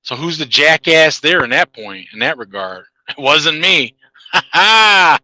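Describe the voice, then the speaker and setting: A man's voice: a little high, expressive, normal speed, bright, forceful tone, no echo, low-quality recording. A man ranting in a heated, profane monologue to his viewers, laughing at his own jabs. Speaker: channel host.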